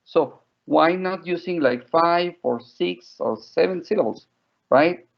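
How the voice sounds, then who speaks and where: Guy running a teacher webinar, bit gravelly, kinda higher voice, dull lo-fi sound. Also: takes it slowly. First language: Spanish. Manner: chatty, frequent "right?" and "like". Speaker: teacher trainer. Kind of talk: online teacher training webinar. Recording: dull lo-fi audio.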